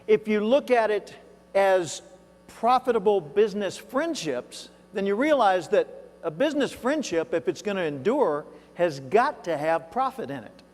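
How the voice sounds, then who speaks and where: At a live event in a large, reverberant hall, a man from Arkansas gives a keynote speech with a toned-down Southern accent, telling folksy stories and making asides to the audience. His high, darkish voice is expressive and unhurried.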